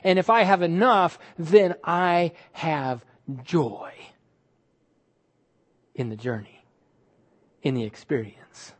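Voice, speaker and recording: A man preaching a sermon as pastor, emphatic, stretching key words and dropping suddenly to quiet. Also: on the high side, slow, pauses often.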